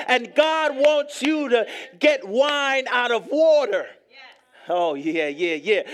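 A male pastor preaching a sermon, emphatic and repetitive, rising at times to shouts. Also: very high-pitched.

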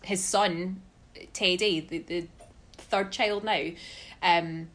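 A Scottish woman telling stories as a guest in a casual podcast chat, chatty and quick to laugh. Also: lowish voice, fairly even intonation, fairly bright tone. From Scotland. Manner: chatty storyteller, laughs often.

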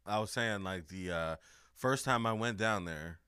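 A man's voice: lowish voice, measured pace, bright, forceful tone, smooth, no echo, studio quality. A young man hosting a podcast in casual chat, rambling, swearing freely and laughing often. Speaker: podcast host.

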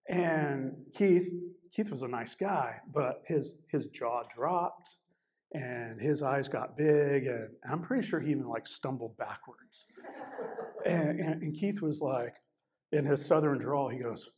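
A man's voice: on the high side, measured pace, darkish tone. A man giving a sermon as a guest preacher, telling a personal story in a conversational way with many fillers and restarts. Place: church service, also streamed online.

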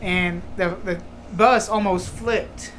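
A man casually telling school stories as a podcast guest, pausing often with fillers. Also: high-pitched, fairly even intonation, fairly bright tone, a little hiss or hum. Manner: hesitant, many fillers. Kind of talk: casual chat, storytelling.

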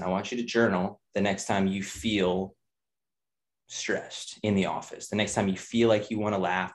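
Candid, cursing man with a low voice. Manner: candid, profane, repeats ideas in chains. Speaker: nutrition coach and personal trainer, podcast guest. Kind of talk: casual podcast talk.

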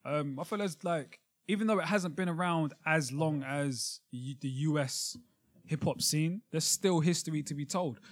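A man's voice: a little high, normal speed. A man, a podcast co-host arguing his point in casual banter and pressing with questions.

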